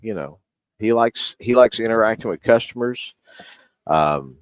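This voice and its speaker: A man with a fairly low voice co-hosting a radio talk show. His pitch rises and falls a lot as he chats casually. The sound is dry and close, as in a radio studio. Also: measured pace, dry recording. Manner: conversational, with lively swings in pitch. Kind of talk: casual chat.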